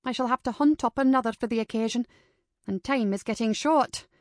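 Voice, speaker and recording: A woman voicing a calm, good-humoured mother and hostess who speaks in a gently firm way. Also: a little high, brisk, dry recording, studio quality, close to an everyday voice.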